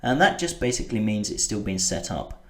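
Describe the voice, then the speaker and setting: A man narrating a screen-recorded software tutorial, patiently walking through each step. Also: lowish voice, lively intonation, brisk, reverberant. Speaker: web design tutor.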